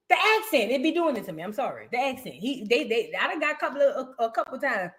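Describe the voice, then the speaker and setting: A woman's voice: a little high, sing-song, quick pace, hardly any pauses, fairly bright tone. A woman hosting her own commentary channel, talking in a rambling, slangy and blunt way. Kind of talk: casual reaction commentary.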